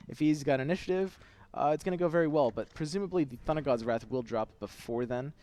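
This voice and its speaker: A man's voice: a little high, fast, dark tone. A man doing play-by-play esports commentary on a headset, analytical and weighing each player's options. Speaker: esports caster.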